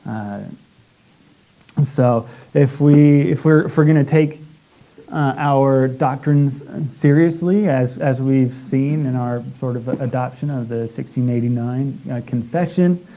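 A man preaching a sermon in a halting way, with many restarts and filler sounds. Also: medium pitch, dark tone, rough recording.

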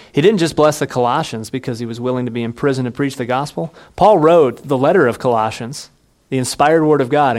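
A man preaching a sermon as a pastor, earnestly acting out the quoted voices in his story. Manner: earnest, acts out quoted voices with lively pitch jumps.

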